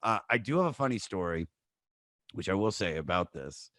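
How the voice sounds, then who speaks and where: A man in his thirties hosting a podcast, telling a crude, animated story full of fillers. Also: sits low, moderate pace, no room sound, studio quality. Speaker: podcast host. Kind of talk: casual storytelling chat.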